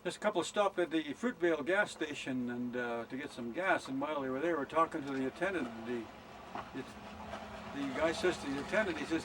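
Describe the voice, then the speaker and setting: A man's voice: fairly high pitch, background noise. An older man telling rambling, folksy jokes outdoors at a summer campsite, filmed on a camcorder held by his wife. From Canada. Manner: rambling, unhurried delivery with frequent uh fillers.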